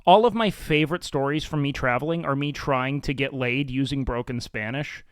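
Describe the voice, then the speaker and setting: A man's voice: mid-range voice, normal speed, clear, resonant tone, dry recording, studio quality. A man hosting a livestream, chatting casually and reading chat in a blunt, profane, self-mocking way. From Mexican and Salvadoran heritage. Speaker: livestream host.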